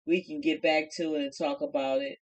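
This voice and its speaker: A woman's voice: sits low, fairly even intonation, brisk, a little mellow, highs cut off. A middle-aged woman casually chatting through a reality show review in a folksy, opinionated way.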